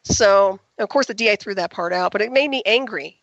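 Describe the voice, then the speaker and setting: A woman guest telling her story in an interview, talking rapidly and emphatically. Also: medium pitch, no room sound, muffled recording. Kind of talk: radio interview call.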